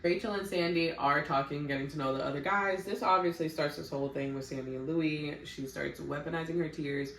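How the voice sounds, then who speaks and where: A woman's voice: low voice, distant mic. A woman talks through a reality show recap in a loose, slangy way, with blunt little asides. Her voice sits back from the microphone in a roomy space with an echo. A faint hum runs underneath. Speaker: TV recap vlogger.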